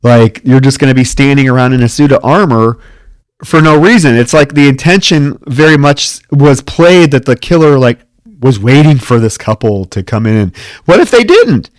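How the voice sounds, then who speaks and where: A podcast co-host recaps a slasher film with lively, casual energy. He slips into the characters' voices as he tells the story. His medium-pitched voice sounds close and dry, with little room echo. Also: normal speed. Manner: animated retelling, acts out the characters' lines. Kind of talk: casual film-review chat.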